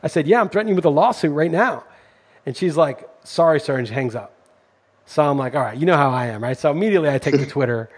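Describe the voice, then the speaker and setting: Middle-aged male podcast host, rapid husky delivery, riled-up storyteller. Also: on the high side, a little mellow. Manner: indignant, storytelling, rising intensity when ranting. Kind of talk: casual podcast chat.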